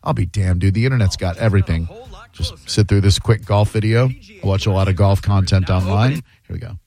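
A man's voice: sits low, creaky, a little mellow. A man hosting a radio show, joking with callers and reading ads in a casual, sarcastic way. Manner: joking, sarcastic, quick banter. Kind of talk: casual radio talk and live ad reads. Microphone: studio microphone.

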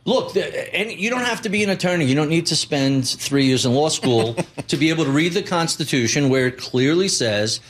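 A man's voice: fairly high pitch, animated, normal speed, few pauses, a little hiss or hum. A man being interviewed as an investor guest, blunt and emphatic, building his points with lists. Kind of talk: interview conversation.

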